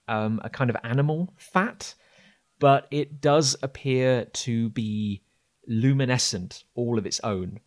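A man narrating as game master of a tabletop role-playing game, often pausing with fillers and restarting his sentences. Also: fairly low pitch. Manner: hesitant, many fillers and restarts.

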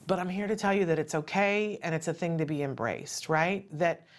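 A middle-aged woman with a lowish voice, speaking at a normal speed, delivers a casual talk show monologue. She is earnest and conversational, frequently checking in with "right?"

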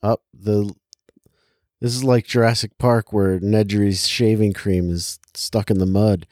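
A man co-hosting a podcast, making wry, quick quips in a casual chat about a movie. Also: lowish voice, fairly even intonation, darkish tone, dry recording, studio quality. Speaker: podcast co-host.

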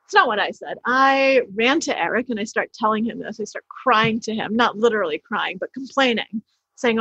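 A woman's voice: on the high side, lively intonation, moderate pace, fairly bright tone, slightly rough, no echo. A woman, an author being interviewed, explaining her points emphatically, often restarting her phrases as she goes. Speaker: author guest. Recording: dull, slightly lo-fi sound.

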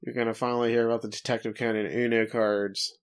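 A man co-hosting a podcast in loose, casual chat. He teases his co-host and tosses in quick playful asides, his voice sitting at an ordinary middle pitch. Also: flat delivery, clear, resonant tone.

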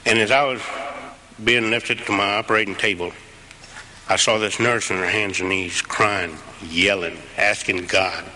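A man's voice: fairly low pitch, steady tone, unhurried, bright, forceful tone, slight background noise, poor audio. A middle-aged man, a veteran speaking to an audience, retelling his war story in an earnest, plain-spoken, heartfelt way.

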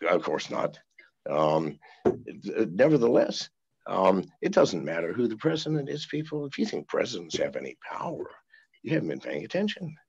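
A man's voice: lowish voice, sing-song, normal speed, vocal fry, slightly rough, lo-fi sound. A man talking as a podcast guest over a video call, profane and rambling. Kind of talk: casual interview.

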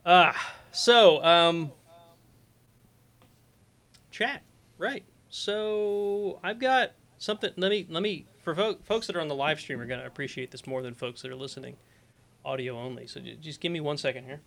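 A middle-aged man hosts a casual live-streamed show from a desk mic, talking in a slightly high voice. He rambles and interrupts himself mid-sentence, then laughs at his own tangents before getting back on track. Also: normal speed, vocal fry, a bit bright. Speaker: podcast host.

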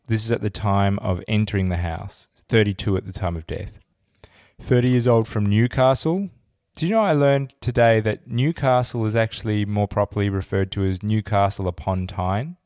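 A man's voice: on the low side, moderate pace, darkish tone, dry recording. A man co-hosting a casual podcast, chatting in a wry, self-deprecating way into a close microphone. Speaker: podcast co-host.

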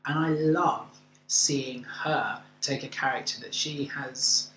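In an echoey room with faint noise, a podcast co-host with a mid-range, sharp-toned voice takes his time while chatting enthusiastically. He shares his opinions in a casual conversation reviewing a musical.

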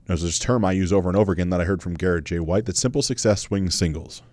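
Candid low-voiced male podcast host. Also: fast talker, a little mellow, dry recording. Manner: candid, conversational, swears casually; earnest, emphatic repetition. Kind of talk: personal storytelling monologue.

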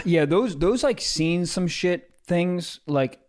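Male podcast co-host, rambling confessional comic, lively pitch. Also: slow pace. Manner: candid, laughs often, rambling. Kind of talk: casual comedic chat.

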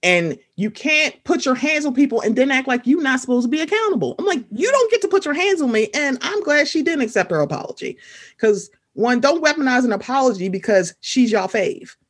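Animated husky-voiced woman. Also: high-pitched. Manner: animated, fast storytelling, quoting people in voices. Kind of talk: casual chat.

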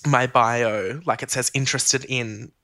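Give me a man in his thirties with a bright voice, telling a personal story in a lively, chatty way. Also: medium pitch, unhurried. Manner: animated, chatty storyteller who mimics other voices.

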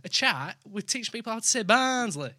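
A young adult podcast host from the West Midlands, with an accent mixing West Midlands and Yorkshire, chatting quickly and self-deprecatingly. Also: mid-range voice, expressive, sharp tone, breathy edge, dry recording, studio quality. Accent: West Midlands mixed with Yorkshire. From West Midlands, England. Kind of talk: casual chat.

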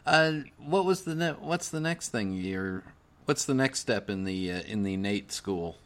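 Host: fairly low male voice, easygoing and conversational. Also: expressive, unhurried. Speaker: podcast host. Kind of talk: casual interview questions.

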